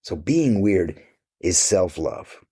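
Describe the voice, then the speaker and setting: A man's voice: medium pitch, very animated, unhurried, a little mellow. A middle-aged man answering interview questions about his life and work, candid, blunt and profane.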